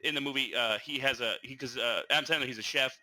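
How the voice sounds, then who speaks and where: A man's voice: medium pitch, fast, poor audio. A young man co-hosting a casual podcast, rambling through stories with lots of stammers and restarts. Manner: rambling, stammering, animated retelling. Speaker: podcast co-host. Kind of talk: casual chat.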